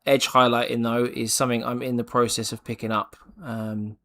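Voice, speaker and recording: Gravelly man reading chat aloud. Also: medium pitch, level tone, moderate pace, pushed and bright. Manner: jokey, reads viewer comments. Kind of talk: casual chat.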